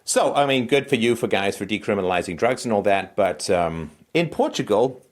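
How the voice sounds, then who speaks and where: A man hosting a call-in show, talking in an animated, conversational way. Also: lowish voice, a little fast. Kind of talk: call-in talk.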